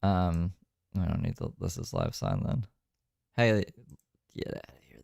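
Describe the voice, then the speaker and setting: A man's voice: deep voice, wildly swooping pitch, takes it slowly, gravelly, a little mellow, no room sound, clean studio sound. A man chatting casually on a live stream, rambling and swearing with laughing asides. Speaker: streamer reacting to another creator's live.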